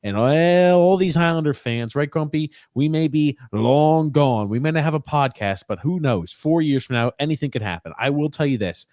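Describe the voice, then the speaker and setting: A man co-hosting a casual sports podcast, animated and profane, teasing his partner and reading out listener comments. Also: a little high, normal speed, few pauses, dry recording, studio quality. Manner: animated, swings from loud excited jabs to mumbling while reading. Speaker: podcast co-host.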